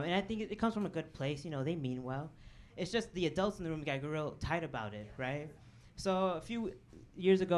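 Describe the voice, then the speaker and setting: A comedian from Chicago's south suburbs, telling stories on a comedy club stage in a loose, casual way, with lots of "um" and "right?". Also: female voice, low voice. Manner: casual storytelling, peppered with "um" and "right?". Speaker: stand-up comedian. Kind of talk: stand-up comedy set. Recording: noisy live club recording.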